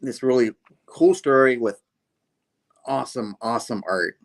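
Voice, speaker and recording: A man's voice: mid-range voice, measured pace. Man host, rambling casual comic review, laughs a lot, acts out the panels.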